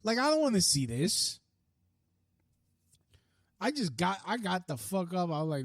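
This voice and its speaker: A man's voice: high-pitched, big pitch swings, dry recording, studio quality. A young man hosting a podcast, delivering a heated, profane ranting monologue full of restarts. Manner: heated, profane, fast-talking with many restarts. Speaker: podcast host.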